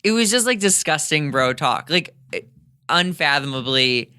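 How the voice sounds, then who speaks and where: A man co-hosting a casual movie podcast, chatting in a halting way with many fillers. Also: a little high, expressive, sharp tone, clear, resonant tone. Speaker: podcast co-host.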